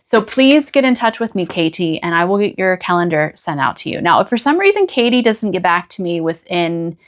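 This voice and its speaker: A woman's voice: on the low side, big pitch swings, a little fast. A woman from the United States chatting casually as the host of a knitting podcast, gushing and rambling with small restarts. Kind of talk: casual chat to camera.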